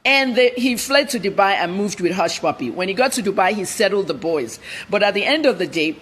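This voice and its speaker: A woman's voice: medium pitch, animated, fairly quick, fairly bright tone, slight background noise. A middle-aged woman journalist answering interview questions bluntly and emphatically, jumping from point to point. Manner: blunt, emphatic, jumps between topics.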